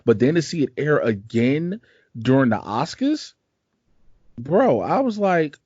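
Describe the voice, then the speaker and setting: A man's voice: on the high side, big pitch swings, moderate pace, a little mellow, husky, no echo. A man from Chicago hosting a casual podcast, rambling in a laid-back, profane way with plenty of slang. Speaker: podcast host. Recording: dull lo-fi dry sound.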